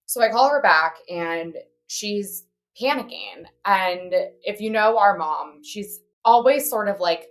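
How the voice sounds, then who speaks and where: A woman's voice: medium pitch, expressive, takes it slowly. A young woman co-hosting a podcast, telling a story in a chatty way, saying "like" a lot and swearing bluntly. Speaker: podcast co-host. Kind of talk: casual storytelling chat.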